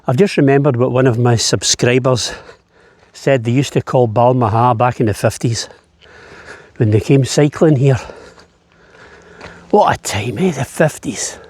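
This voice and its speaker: A man's voice: medium pitch, unhurried, pauses often, darkish tone, no room sound. Chatty man on a hike. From Scotland. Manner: chatty, easygoing, jokey. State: slightly out of breath while climbing. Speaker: travel vlogger. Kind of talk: walking travel vlog. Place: outdoors on a wooded island path.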